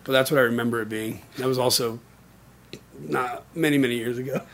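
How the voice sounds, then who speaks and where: A man's voice: medium pitch, fairly even intonation, fairly quick, creaky, fairly bright tone. A laid-back man in casual chat. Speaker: podcast co-host.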